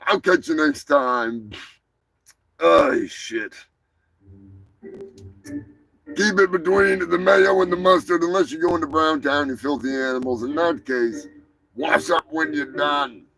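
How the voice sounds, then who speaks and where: A man hosting a live stream, signing off with rowdy, profane shout-outs to his viewers. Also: slow pace, creaky, pauses often, crowd noise. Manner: drops to low mutters between sign-offs. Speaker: livestream show host. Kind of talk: casual live-stream sign-off chat. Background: music playing.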